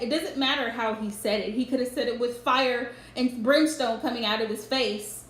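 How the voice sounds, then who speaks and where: High-voiced woman giving a live tarot reading. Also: fairly even intonation, fairly quick, few pauses. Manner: earnest, repetitive, advising viewers directly. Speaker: tarot reader. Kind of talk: live-streamed spiritual reading. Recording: roomy echo with faint background noise.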